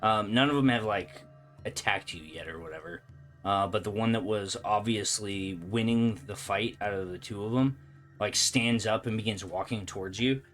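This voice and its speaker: A man's voice: fairly low pitch, moderate pace, fairly bright tone, soft background music. A man narrating a tabletop game as dungeon master, talking casually with lots of fillers.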